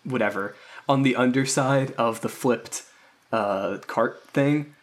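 Wisecracking man playing the game. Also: medium pitch. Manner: joking, quick wisecracks. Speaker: player. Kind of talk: casual chat in a tabletop game.

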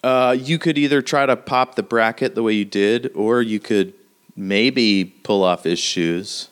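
A man narrating a tabletop game as game master, unhurried and hesitant, filling pauses with "uh". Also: lowish voice, smooth.

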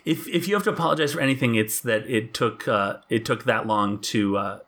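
Guy cohosting a chatty podcast, bright tense voice, cracks jokes a lot. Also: medium pitch, a little fast. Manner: wry, joking, laughs often. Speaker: podcast co-host. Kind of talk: casual chat.

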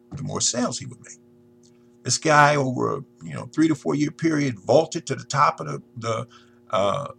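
A man's voice: medium pitch, gravelly, fairly bright tone, slight background noise. A man hosting a marketing podcast, speaking to his listeners in an emphatic, salesman-like monologue. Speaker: podcast host.

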